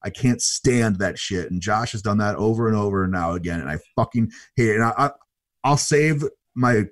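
A man's voice: brisk, no room sound. A man co-hosting a casual podcast recapping a reality show, talking animatedly and swearing often. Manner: animated, swears a lot, jumps up high when mimicking people. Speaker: podcast co-host.

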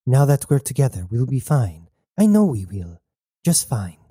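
Older mother, read by a male narrator: quiet, soothing, eerily calm, mellow tone. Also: medium pitch, normal speed, husky, no echo, studio quality. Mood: hushed. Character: grieving unhinged older mother.

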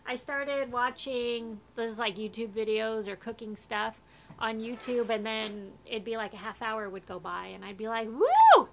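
A woman's voice: a little high, moderate pace, a little hiss or hum. A woman co-hosting a casual podcast chat, telling anecdotes and acting out quotes. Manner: animated, acts out quotes. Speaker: podcast co-host.

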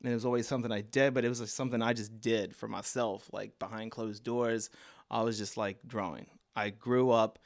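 A man's voice: lowish voice, fairly even intonation, a little fast. A man in his thirties with a Baltimore accent, telling stories as a podcast guest in a loose, rambling way with lots of fillers. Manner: rambling, laid-back storytelling with many fillers and laughs. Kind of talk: casual podcast chat.

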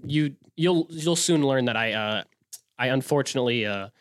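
A young man from Wisconsin, a show host, telling a story in an excitable, rambling, profane way with frequent restarts. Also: mid-range voice, moderate pace. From Wisconsin, US Midwest. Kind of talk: casual storytelling monologue.

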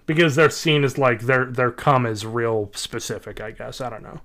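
A man co-hosting a comedy podcast, reading excerpts aloud haltingly and breaking into giggles mid-sentence. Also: medium pitch, a bit bright. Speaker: podcast co-host.

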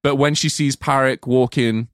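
A man co-hosting a casual film podcast, explaining scenes in animated, sweary bursts. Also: mid-range voice, moderate pace, no room sound, clean studio sound. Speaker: podcast co-host. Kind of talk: casual film review chat.

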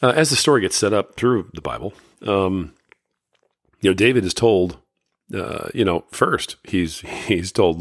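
A man's voice: low-pitched, animated, measured pace, no echo, studio quality. A man hosting a podcast, retelling an old story in a loose, conversational way with lots of fillers. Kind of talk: casual talk retelling a Bible story.

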